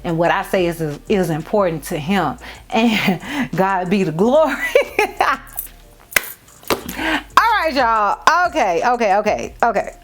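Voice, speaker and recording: A woman's voice: mid-range voice, lively intonation, slow pace, long pauses, fairly bright tone, soft background music. A woman in her thirties telling viewers a personal story while getting ready, heartfelt and repeating phrases for emphasis. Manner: addresses viewers as y'all and girl. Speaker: beauty vlogger. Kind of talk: casual storytime chat.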